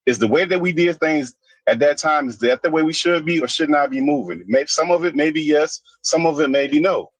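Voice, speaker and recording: Blunt ranting man, husky voice. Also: a little high, animated, a little fast, no room sound, rough recording. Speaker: commentator. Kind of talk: opinionated casual commentary.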